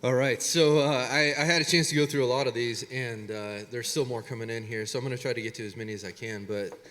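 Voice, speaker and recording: A man's voice: mid-range voice, steady tone, fast, a bit bright, big-room sound, a little hiss or hum. A man moderating audience questions on stage, speaking loosely with hesitant fillers.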